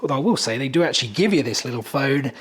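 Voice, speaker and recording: A young man hosting a casual vlog, walking through a hotel room with a handheld camera, chatty and excited and a little out of breath. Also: mid-range voice, very fast, breathy edge. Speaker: vlog host.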